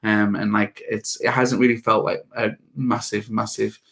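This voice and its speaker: A young man co-hosting a live stream, chatting in an easygoing way with halting fillers. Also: lowish voice, little pitch movement, gravelly, fairly bright tone. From United Kingdom. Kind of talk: casual live-stream chat.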